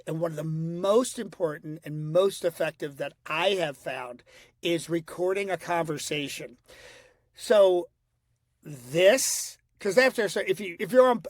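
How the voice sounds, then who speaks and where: This high-voiced guest, a voice impressionist from Philadelphia, talks with a nasal Northeast accent in a laid-back interview. He's middle-aged and animated, darting into quick impressions and quotes and restarting often. The studio-quality audio has no echo.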